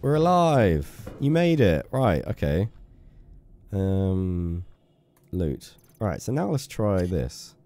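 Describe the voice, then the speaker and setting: Lively low-voiced man streaming. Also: takes it slowly. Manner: playful, banters and scolds a game character. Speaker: game streamer. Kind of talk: live gameplay commentary to chat.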